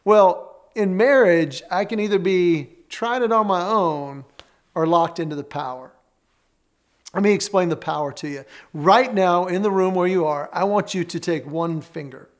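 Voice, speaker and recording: A man's voice: high voice, normal speed. A man presenting a faith-based marriage teaching session, earnest and conversational, telling stories and leading the audience through exercises.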